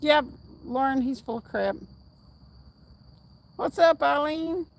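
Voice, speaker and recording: A woman's voice: sits high, slow pace, gravelly, poor audio. Chatty woman reading chat. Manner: chatty, reads chat aloud, laughs often. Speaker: fishing livestream host. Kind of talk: casual livestream chat reading comments. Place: outdoors at night, fishing.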